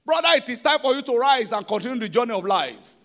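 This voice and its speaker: High-voiced Nigerian preacher shouting emphatically. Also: male voice, lively intonation, fast talker. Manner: emphatic preaching with call-and-response questions; swings between shouting and low, quiet passages. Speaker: pastor. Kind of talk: sermon. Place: church service.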